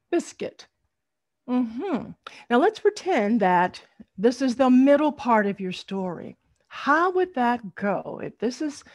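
A woman presenting an online storytelling workshop for young tellers, speaking in an animated, teacherly way over a video call. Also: on the high side, no echo. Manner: animated, teacherly, drawn-out emphasis.

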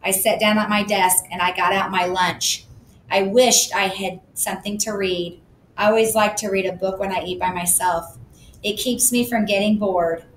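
A woman's voice: medium pitch, echoey room, slight background noise, low-quality recording. A woman narrating a first-person children's book in a plain, matter-of-fact storytelling manner. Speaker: audiobook narrator.

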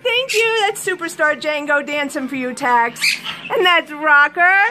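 A woman's voice: high-pitched, lively intonation, measured pace, faint music behind. A woman keeper talking in sing-song baby talk to her pet birds in an indoor bird room, coaxing them to say hello. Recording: loud bird squawks around her. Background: birds squawking and chattering.

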